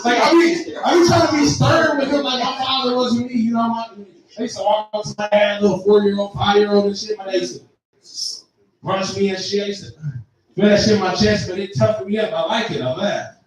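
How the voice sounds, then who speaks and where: A man's voice: high-pitched, fairly even intonation, brisk. A young man in his twenties doing a profane stand-up set, laughing along as he tells his stories. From Texas. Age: 20s. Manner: profane, storytelling, laughing at own jokes. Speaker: stand-up comedian. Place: live comedy venue with audience. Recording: echoey room, far mic, crowd. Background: audience reactions.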